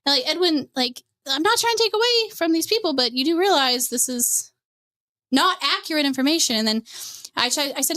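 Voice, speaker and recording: A woman's voice: high-pitched, lively intonation, a little fast, sharp tone. A woman hosting a podcast, ranting in a blunt, profane and sarcastic casual way. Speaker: podcast host.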